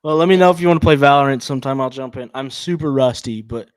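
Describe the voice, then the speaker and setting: A man's voice: medium pitch, quick pace, smooth. Laid-back male podcast co-host. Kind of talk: casual chat.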